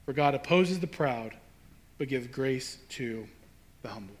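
A man's voice: medium pitch, animated, unhurried. A male pastor preaching a sermon in a conversational, emphatic way, building to rhetorical questions.

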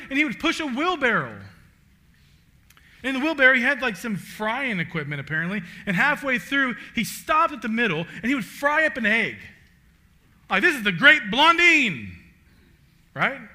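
A man preaching a sermon in a casual, conversational way, telling a story with big swings between loud excited lines and quiet low ones. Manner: animated storytelling with swings in pitch and loudness. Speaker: pastor.

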